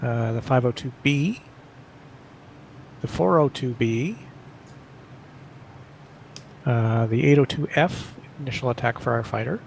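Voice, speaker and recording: A man's voice: mid-range voice, measured pace, vocal fry, long pauses, slight background noise. A man on a group flight-sim session, chatting casually and listing details with frequent fillers. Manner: reels off details with many fillers. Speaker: player in a group flight stream. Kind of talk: casual gaming chat.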